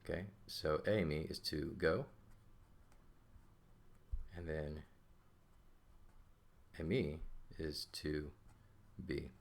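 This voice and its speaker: A man's voice: very deep voice, little pitch movement, very slow, creaky, pauses often. A man teaching a recorded language lesson, explaining step by step and checking in often with "okay?" and "right?".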